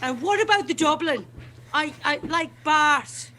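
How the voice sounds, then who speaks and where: A woman's voice: sits high, animated, a little slow, sharp tone, a little hiss or hum. A woman with a Liverpool accent chatting on a video call, effusive and gushing. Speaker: guest actress. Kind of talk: casual video call chat.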